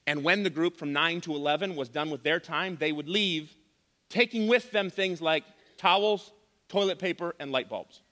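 A man's voice: fairly high pitch, normal speed, fairly bright tone, in a large hall. A man preaching a sermon as pastor, emphatic, repeating key phrases, with touches of dry sarcasm. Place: church sanctuary.

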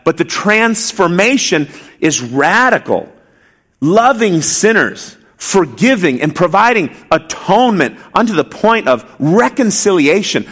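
Lively, emphatic male preacher. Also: on the high side. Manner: emphatic, repeats key phrases, rhetorical questions. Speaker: pastor. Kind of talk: expository sermon.

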